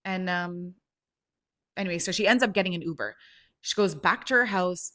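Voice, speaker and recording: A woman hosting a podcast, retelling a story in a casual, animated way with lots of "like" fillers. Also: lowish voice, normal speed. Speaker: podcast host.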